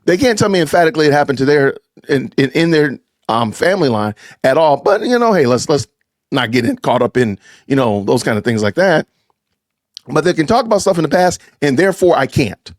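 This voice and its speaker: A man hosting a podcast, reacting to a sermon clip with sarcastic, animated commentary aimed straight at his listeners. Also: fairly high pitch, a little fast, dry recording, clean studio sound. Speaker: podcast host.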